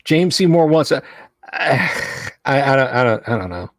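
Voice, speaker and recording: A man's voice: medium pitch, very animated, a little fast, dry recording, clean studio sound. A man hosting a casual livestream, chatty, reading viewer names aloud and laughing easily. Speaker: livestream host.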